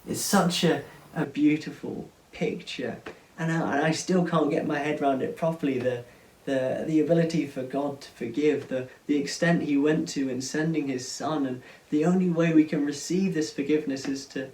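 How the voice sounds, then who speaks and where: A man's voice: on the high side, moderate pace. Earnest male preacher retelling a parable, recorded from a distance. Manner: earnest, often drops to a hushed voice. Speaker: church speaker. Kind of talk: storytelling sermon. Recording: roomy sound, mic at a distance.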